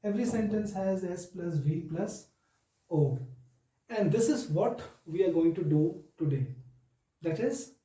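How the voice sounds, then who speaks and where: A man teaching a grammar lesson to children, speaking slowly and deliberately and often addressing them directly. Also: sits high, lively intonation, warm tone, echoey room, recorded from a distance, rough recording.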